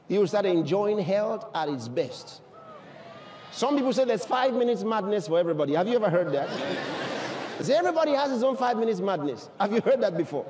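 A man preaching a sermon to a live congregation, fervent and emphatic, often shouting and firing rhetorical questions at the crowd. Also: sits high, a little hiss or hum. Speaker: pastor.

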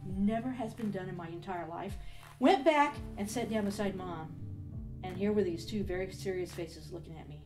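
A woman recounting a personal story of faith in an animated, storytelling interview. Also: mid-range voice, normal speed, music in the background. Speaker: interviewee giving a faith testimony.

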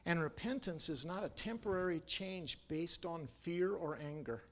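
Animated, storytelling male preacher. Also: normal speed. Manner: storytelling, dramatic swings in pitch and volume. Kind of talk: sermon. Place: church.

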